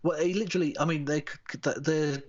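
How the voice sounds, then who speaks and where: A man's voice: on the high side, fairly even intonation, fast, lo-fi sound. A man co-hosting a casual chat show, making sarcastic, mocking jokes. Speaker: co-host.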